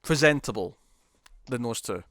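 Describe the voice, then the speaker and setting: Man, podcast co-host, lively, laughing, average pitch, dry room. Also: dry recording. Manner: animated, laughing, quick retelling with acted quotes. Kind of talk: casual chat about TV episodes.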